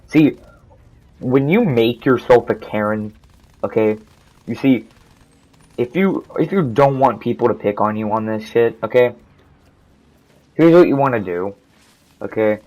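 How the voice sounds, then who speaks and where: A man's voice: mid-range voice, a little slow, pauses often, a little mellow, low-quality recording. A young man telling a storytime in a profane, rambling, angry rant, swearing constantly and restarting his sentences. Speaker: vlogger.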